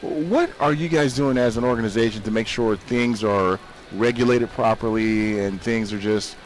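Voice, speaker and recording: A man's voice: medium pitch, normal speed, low-quality recording. A man hosting a tech show, asking long, rambling questions in an on-site interview.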